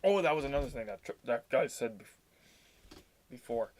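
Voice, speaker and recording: A blunt, foul-mouthed man in middle age tells a long story from his work as a tow truck driver. His voice sits at an ordinary medium pitch, and he sounds fed up and exasperated throughout. He is from Canada. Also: animated, moderate pace, darkish tone. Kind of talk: casual storytelling rant.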